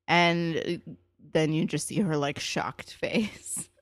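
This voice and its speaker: A woman casually recapping a TV episode as podcast co-host, chatty and full of fillers, popping into higher voices when she quotes characters. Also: slow, no room sound.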